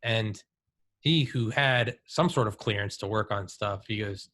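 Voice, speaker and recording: A man's voice: fairly low pitch, measured pace. A man in his thirties hosting a casual talk, telling stories with lots of "like" and "dude". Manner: animated storyteller, says "dude" and "like". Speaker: podcast host. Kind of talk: casual conversation.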